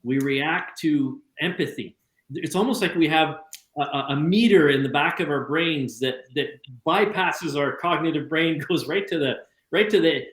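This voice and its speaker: A male podcast host talks fast in a casual, chatty way, tripping over his own restarts and repeating words as he goes. His voice sits a little high. The sound carries a noticeable room echo. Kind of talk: casual conversation.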